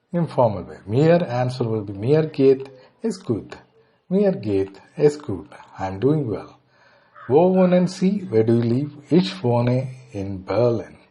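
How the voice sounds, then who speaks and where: A man from India with an Indian English accent and a mellow, medium-pitched voice teaches a beginner language lesson. He slowly repeats each phrase before translating it.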